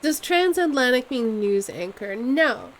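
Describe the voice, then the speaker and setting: A woman's voice: fairly high pitch, very animated, a little slow, a little hiss or hum, low-quality recording. A woman streaming a game live, musing aloud and puzzling over clues as she plays.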